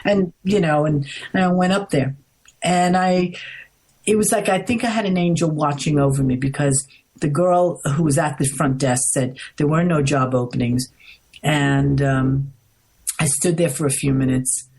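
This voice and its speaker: A woman's voice: normal speed, slightly rough. A woman with a New York accent, a guest in an interview, telling her stories in a chatty way and acting out what people said. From United States. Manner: chatty, acts out quoted lines with lively pitch jumps. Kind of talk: casual interview storytelling.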